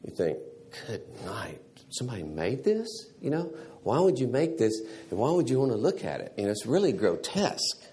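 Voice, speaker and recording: A man teaching a church Sunday school class in a halting way, restarting words and often clearing his throat. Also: medium pitch, sing-song, dark tone, slight background noise.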